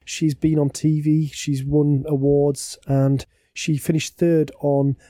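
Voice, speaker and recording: A man introduces the next act in a quick, upbeat read, his voice slightly high but very mellow and dark. His delivery stays flat, and the sound is dry and close. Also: no room sound. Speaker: show presenter introducing a comedian. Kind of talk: scripted introduction.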